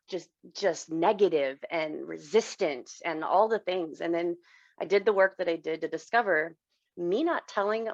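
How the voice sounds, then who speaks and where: A woman in her thirties with a lowish, gravelly voice tells a personal story on a podcast. She speaks candidly and with feeling. The recording is dry and dull, with little room sound. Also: no echo. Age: 30s. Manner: candid, emotional, acts out quoted dialogue. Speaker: podcast guest, coach.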